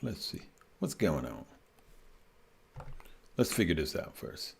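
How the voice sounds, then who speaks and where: Guy running a trading livestream, kinda low voice, laughs a lot, greets chat, thinks out loud on charts. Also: huge pitch swings, slow, vocal fry, husky. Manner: chatty, laughs often, greets viewers by name; thinks aloud, trails off while checking charts. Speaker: livestream host for stock and crypto trading. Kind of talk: casual live-stream chat reading viewer comments.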